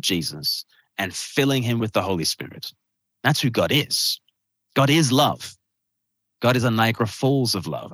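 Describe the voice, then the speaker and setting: A man, an evangelist and minister, preaching warmly and explaining a word as a podcast guest. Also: medium pitch, no room sound. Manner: fervent, builds rhetorical questions.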